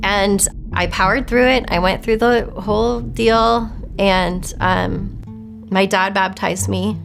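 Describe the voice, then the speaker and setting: A woman's voice: mid-range voice, steady tone, slow, creaky. A woman sharing her faith testimony in a candid, reflective way. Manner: reflective, candid, with soft laughs. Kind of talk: personal storytelling. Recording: faint music underneath.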